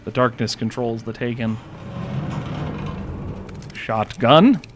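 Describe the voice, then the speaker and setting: A man's voice: mid-range voice, takes it slowly. A young man casually commenting while he plays a game, reacting aloud, with the hiccups. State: has the hiccups. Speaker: gaming channel host. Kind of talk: casual let's-play commentary. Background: game music.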